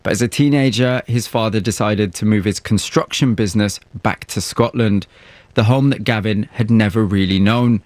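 A male radio host who narrates a scripted story and asks measured, sympathetic interview questions. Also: fairly low pitch, darkish tone, no echo.

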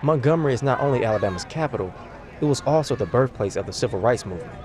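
Fast-talking male news reporter. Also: medium pitch, lively intonation, heavy background noise. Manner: brisk, scripted narration.

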